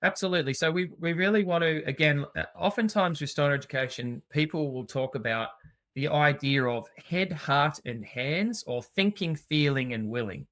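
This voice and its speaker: A man, a home education teacher talking as a podcast guest in an animated, storytelling way. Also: on the high side, moderate pace. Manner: animated storyteller, acts out scenes. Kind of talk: podcast interview.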